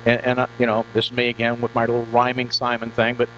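A pastor preaching a conversational sermon in a church, often repeating words and asking the congregation questions. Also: male voice, mid-range voice, completely flat delivery, fast talker, fairly bright tone. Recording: dull lo-fi recording with mains hum.

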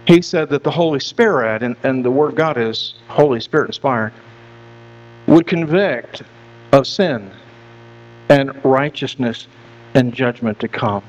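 A man preaching a sermon as pastor, earnest and repetitive, often restarting his phrases. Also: medium pitch. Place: church. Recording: dull lo-fi with mains hum.

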